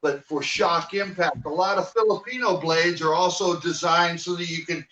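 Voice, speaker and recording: A man's voice: a little high, fairly even intonation, moderate pace, sharp tone, dull audio. A man guest in a casual interview, telling rambling stories and acting out what others said. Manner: rambling, acts out quoted dialogue. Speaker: martial arts guest. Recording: echoey room from far off, faint noise.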